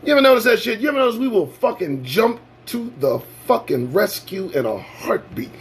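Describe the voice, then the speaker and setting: A man hosting his own show, delivering a sarcastic, profane, preachy monologue that swings from loud bursts to low asides. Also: sing-song, a little fast, slight background noise. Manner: preachy, sarcastic, swears freely. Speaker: talk show host.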